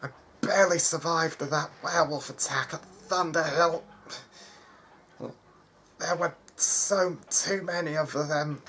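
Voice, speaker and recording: A man's voice: a little high, steady tone, slow, bright, forceful tone, a little hiss or hum, voice pushed up. A man voicing a badly wounded teenage boy soldier who is in pain and short of breath, his words strained and complaining. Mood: bitter, pained.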